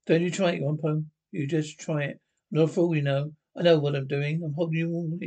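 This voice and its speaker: A flustered, bumbling marshal. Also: male voice, a little high, flat delivery, fairly quick, mellow, highs cut off. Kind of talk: 1960s comedy film acting.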